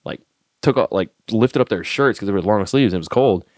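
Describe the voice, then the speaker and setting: A man, an army staff sergeant guest on a podcast, telling stories casually in a profane, animated way and acting out the dialogue. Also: on the low side, brisk, no room sound, studio quality. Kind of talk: casual storytelling.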